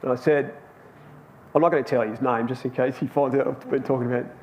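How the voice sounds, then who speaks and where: A man's voice: mid-range voice, steady tone, quick pace, dull audio, slight background noise. A man telling a personal story in a chatty, anecdotal sermon to a youth Bible class in a church hall. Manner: chatty and anecdotal, with laughs and restarts.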